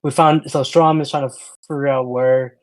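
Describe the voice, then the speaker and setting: A man's voice: medium pitch, fairly even intonation, normal speed. A man co-hosting a casual podcast about horror films, speaking hesitantly with many fillers and restarts. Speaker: podcast co-host. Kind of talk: casual movie-review chat.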